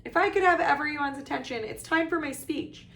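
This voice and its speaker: A woman's voice: medium pitch, animated, moderate pace, echoey room, natural voice. A woman voicing a proud, touchy male ghost nobleman who speaks stiffly and formally. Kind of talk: audiobook reading.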